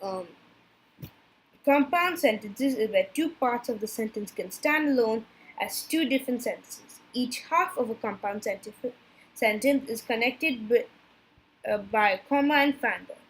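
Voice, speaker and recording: Woman presenter, somewhat high voice, reads slides haltingly, trips over terms. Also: expressive, husky. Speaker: student presenter. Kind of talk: reading a class presentation from slides.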